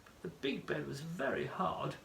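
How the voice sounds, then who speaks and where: A man narrating a children's story in an animated, expressive manner. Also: on the high side, moderate pace, creaky. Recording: echoey room.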